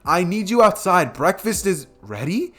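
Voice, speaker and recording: A man's voice: high voice, sing-song, normal speed, a bit bright, pitched above the performer's own voice, full character voice. A man voicing a caring middle-aged mother who fusses over her son. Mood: motherly.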